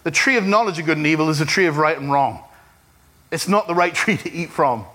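A middle-aged man preaching a sermon to a church congregation, animated and humorous, with call-and-response. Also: on the high side, brisk. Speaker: pastor. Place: church service.

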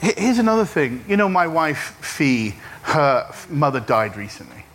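A middle-aged man preaches to his congregation in a high, bright voice. He is animated and humorous and pulls the room into call-and-response. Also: normal speed, a little hiss or hum. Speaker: pastor. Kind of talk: sermon. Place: church service.

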